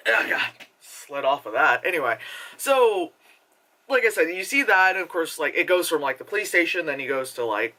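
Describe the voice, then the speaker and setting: Rambling, bright-voiced woman reviewing a movie. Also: low-pitched, moderate pace. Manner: rambling and animated, with lots of filler words and swearing. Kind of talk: casual rambling film review.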